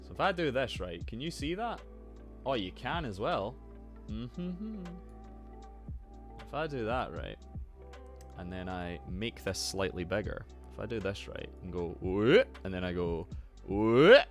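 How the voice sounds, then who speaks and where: A young man hosting a casual live stream, excitable, swearing freely and greeting his chat. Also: lowish voice, a little slow, long pauses. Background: faint lo-fi music.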